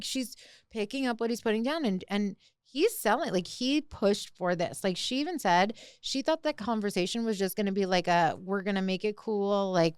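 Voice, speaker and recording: A woman's voice: medium pitch, smooth, dry recording, clean studio sound. A young woman co-hosting a podcast, recapping a show in casual chat and leaning hard on "like". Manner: animated recapping, heavy use of "like". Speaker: podcast co-host.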